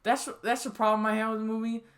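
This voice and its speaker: A man's voice: high voice, level tone, fast, fairly bright tone. A young man co-hosting a podcast, talking bluntly about a film, swearing casually and teasing his friend. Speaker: podcast co-host. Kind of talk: casual film review chat.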